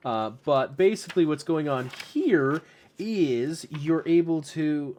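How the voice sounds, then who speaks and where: A man's voice: fairly high pitch, big pitch swings, slow, darkish tone, a little hiss or hum. A man hosting a casual vlog about his collectibles, talking in a playful, self-mocking way with many fillers and restarts. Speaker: YouTube host.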